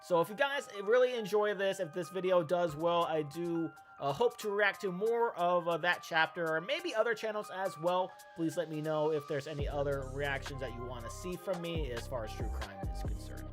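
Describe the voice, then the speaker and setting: A man's voice: fairly high pitch, moderate pace, few pauses, soft background music. A man hosting a reaction channel, giving an upbeat, chatty intro and plugging his channel with the odd filler. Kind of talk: casual video intro and channel promo.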